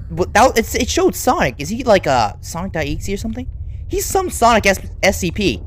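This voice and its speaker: An excitable gaming YouTuber narrating a round as it happens, voice swinging up and down through its reactions. Casual, slang-heavy chatter at a middling pitch, with a faint hum of noise behind it. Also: fairly quick. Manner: excitable, reacts loudly to game events. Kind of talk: unedited live gameplay commentary.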